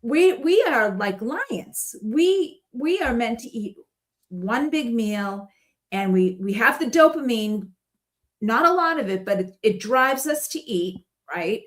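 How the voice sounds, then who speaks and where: A woman's voice: a little high, expressive, takes it slowly, fairly bright tone. A woman guest in casual conversation, telling stories in a chatty way and laughing often. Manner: chatty storytelling with frequent laughs.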